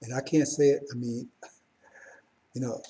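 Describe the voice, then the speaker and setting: A man's voice: medium pitch, fairly even intonation, moderate pace, dark tone. A middle-aged man giving a rambling live-streamed religious talk, correcting himself and then building to fervent emphasis. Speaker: religious teacher.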